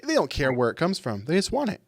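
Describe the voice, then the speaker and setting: A man's voice: fairly high pitch, wildly swooping pitch, fast talker, gravelly, no room sound, studio quality. A man in casual podcast chat, telling a rambling story and acting out the voices of people he quotes. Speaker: podcast guest.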